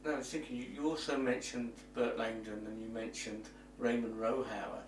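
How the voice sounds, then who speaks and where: Soft-spoken interviewer in a humming room. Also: male voice, medium pitch, fairly even intonation, normal speed. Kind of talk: interview questions. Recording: roomy with background hum.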